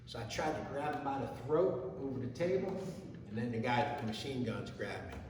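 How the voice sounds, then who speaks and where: A man's voice: medium pitch, expressive, noisy background. Plain-spoken middle-aged man, echoey hall. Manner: plain-spoken, halting, repeats words and restarts. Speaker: Gold Star father and foundation founder. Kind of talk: emotional personal testimony to an audience. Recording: echoey hall from far off, faint ambience.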